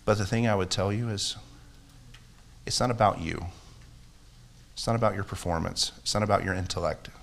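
A man's voice: deep voice, normal speed, vocal fry, long pauses. A man preaching a sermon as pastor, earnest and emphatic, with repeated phrases and a closing prayer that builds in intensity. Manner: prays with rising intensity.

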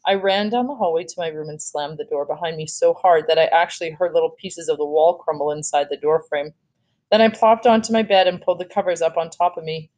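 A woman teacher reading a novel aloud to her class, calm and plain with short asides. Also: lowish voice.

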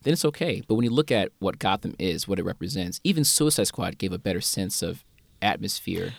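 A man in a casual film review chat, measured and analytical, often saying "you know". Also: low voice, lively intonation, creaky, dry recording.

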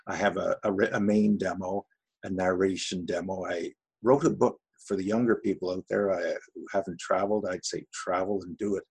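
A man with a very low voice that has a gravelly, husky edge. He talks in a relaxed, anecdotal way as an interview guest, with a dry, wry humor. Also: a little fast, low-quality recording. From Canada, Ottawa area. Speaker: voice actor guest. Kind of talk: casual interview talk.

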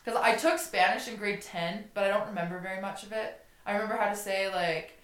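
A woman from Canada chats on a podcast with a mid-pitched voice, rambling and giggling through her jokes. The sound carries a noticeable room echo. She keeps things loose and playful. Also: brisk, a bit bright. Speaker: podcast guest. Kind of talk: casual chat.

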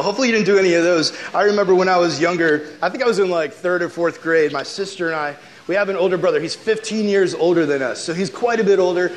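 A young man preaching to a youth group in an animated, casual storytelling style, full of "like". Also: sits high, a little hiss or hum. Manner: animated, chatty, heavy use of "like". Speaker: youth pastor.

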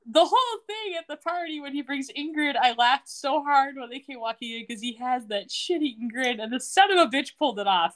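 Her voice is high with a fairly bright tone. As a podcast co-host recapping a TV episode in relaxed conversation, she laughs a lot and acts out scenes by quoting the characters.

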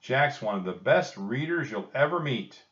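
A man's voice: mid-range voice, expressive, normal speed, a bit bright, lightly acted. A man doing a confident young girl. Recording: dull lo-fi recording.

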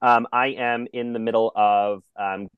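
A man's voice: mid-range voice, flat delivery, unhurried, clear, resonant tone, no echo, narrow, tinny audio. A man talking as a podcast guest in casual chat, chatty and hesitant, with many fillers.

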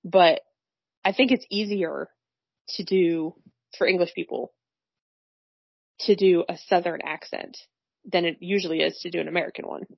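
A woman with a fairly low voice chats her way through a film plot, wry and slangy, with frequent laughter. The recording is dry and a little dull, with no room sound. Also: steady tone, normal speed, vocal fry, long pauses, husky, dry recording. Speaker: podcast co-host recapping a film. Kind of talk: casual chat.

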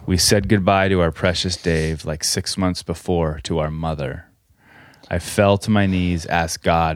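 A man co-hosting a podcast, reading a listener's rhyming letter aloud in a measured, solemn way. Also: low voice, steady tone, no room sound, studio quality. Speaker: podcast co-host.

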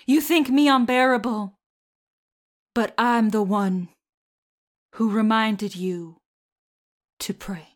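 A woman voicing a fanatical, doom-preaching religious mother in her middle years, with a mild Southern accent, delivered slowly and theatrically. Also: on the high side, steady tone. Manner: slow, theatrical, preaching delivery with shouted lines.

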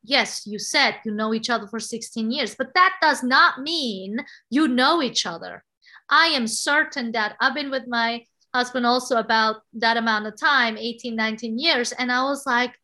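Bright, high-voiced expressive woman. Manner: expressive, animated storyteller. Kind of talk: casual conversation about relationships.

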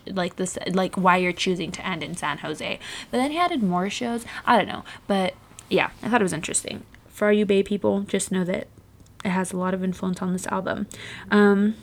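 A woman's voice: on the low side, normal speed, gravelly. A young adult woman chatting casually to her viewers, bubbly and rambling with lots of fillers and asides. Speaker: vlogger. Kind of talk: casual chat to camera.

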